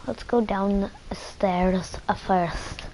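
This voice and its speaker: A woman streaming a game in a slow, drawn-out voice, trash-talking and cursing as she plays. She repeats her taunts over and over. Faint background noise and clicking sit under her voice. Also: mid-range voice, steady tone, mellow, poor audio. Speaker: gaming streamer. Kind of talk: casual gameplay commentary.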